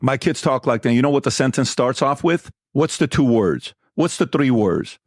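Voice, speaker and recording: A middle-aged man hosting a podcast, telling stories in an animated, emphatic way, repeating himself and acting out dialogue. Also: medium pitch, normal speed, no room sound, studio quality. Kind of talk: animated storytelling chat.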